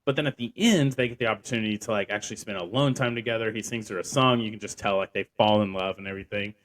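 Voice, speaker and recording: A man's voice: lowish voice, fast talker, a bit bright. A young man hosting a podcast, telling a personal story in a rambling way with lots of fillers and restarts. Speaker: podcast host. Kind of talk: casual storytelling.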